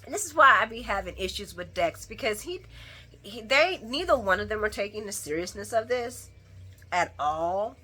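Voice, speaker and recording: A woman's voice: medium pitch, lively intonation, normal speed, bright, forceful tone, slightly rough. A woman casually recapping a soap opera episode on her channel, talking back to the characters with sass and frequent laughter. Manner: sassy, talks back to the characters, laughs often.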